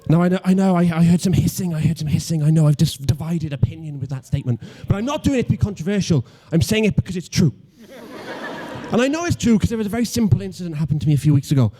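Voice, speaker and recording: Stammering young Welsh stand-up comic. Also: male voice, on the high side, lively intonation, quick pace, mellow. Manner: self-deprecating, stammering restarts, mock-logical. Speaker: stand-up comedian. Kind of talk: stand-up comedy routine.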